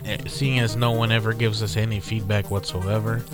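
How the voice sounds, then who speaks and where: A man's voice: lowish voice, flat delivery, brisk, loud music behind the voice. A man from Texas hosting a podcast alone, talking in a rambling, profane, laid-back way. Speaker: podcast host. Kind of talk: casual solo podcast monologue.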